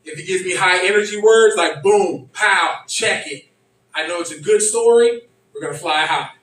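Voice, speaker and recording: Male stand-up comic with a high voice, acts out friends' dialogue, recorded at a distance in a roomy club. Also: fairly quick. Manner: animated, acts out friends' lines in quotes. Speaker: stand-up comedian. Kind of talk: stand-up comedy storytelling. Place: comedy club stage. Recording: echoey club sound from a distance.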